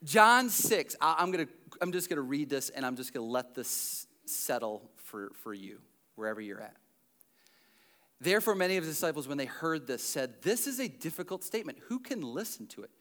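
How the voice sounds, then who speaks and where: A man preaching a sermon, animated and emphatic, dropping to quiet asides and near-whispers between loud passages. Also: fairly high pitch, a little fast. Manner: conversational asides with the congregation.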